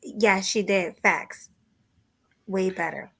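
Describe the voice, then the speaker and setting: A woman co-hosting a casual livestream podcast, chatting in a relaxed way and thanking her viewers. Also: mid-range voice, slow, creaky, breathy edge. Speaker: podcast co-host.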